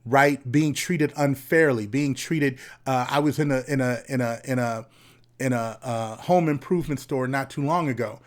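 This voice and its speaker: A man's voice: mid-range voice, moderate pace. A man, a therapist, talking casually and directly to his viewers, often repeating words and asking "right?". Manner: conversational, repeats words, frequent tag questions. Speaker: therapist and host. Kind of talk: casual talk to camera.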